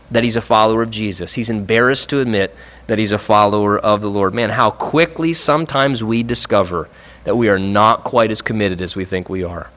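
A man preaching a sermon in an earnest, reflective way, pressing on key phrases and slowing them down. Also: mid-range voice, fairly bright tone, dull audio.

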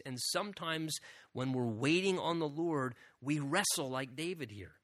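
Bright-voiced man preaching a sermon. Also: a little high, animated, measured pace. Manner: earnest preaching, often repeats "again" and "right?". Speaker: pastor.

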